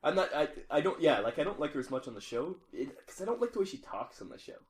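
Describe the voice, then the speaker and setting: A man co-hosting a casual chat, quick, blunt and opinionated. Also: fairly high pitch, very animated, roomy sound, slight background noise. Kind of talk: casual chat about a TV show.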